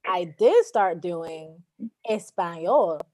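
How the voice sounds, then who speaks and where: Lively, giggly woman hosting a podcast. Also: a little high, moderate pace, no echo. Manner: giggly, animated, trails off into fillers. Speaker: podcast host. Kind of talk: casual chat.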